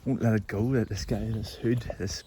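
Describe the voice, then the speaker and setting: A man's voice: fairly low pitch, steady tone, normal speed, mellow. A man from Northern Ireland with a Derry accent, chatting in a rambling, self-deprecating way as he films himself walking outdoors on a phone stick. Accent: Northern Irish, Derry. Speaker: vlogger. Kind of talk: rambling walk-and-talk chat. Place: outdoors on a rural hill walk. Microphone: phone on a selfie stick. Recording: phone mic with clear outdoor background noise. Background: birds and outdoor noise.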